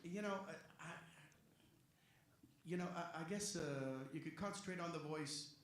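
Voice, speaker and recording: A middle-aged man, a voice actor answering fan questions at a convention panel, joking and rambling with quick asides. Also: fairly high pitch, slight background noise. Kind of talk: convention Q&A chat. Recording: echoey convention hall.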